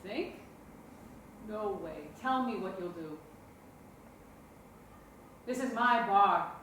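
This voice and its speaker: Woman as a stern middle-aged bar owner, quiet voice, distant mic, faint hiss. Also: medium pitch, lively intonation, takes it slowly. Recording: echoey room, mic at a distance.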